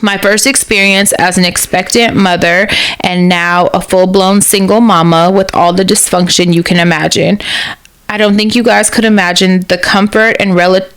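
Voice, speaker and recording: A woman co-hosts a podcast in a middle-pitched voice, playful and quick to laugh. She chats casually and reads a listener letter aloud. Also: steady tone, a bit bright, clear, resonant tone. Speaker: podcast co-host.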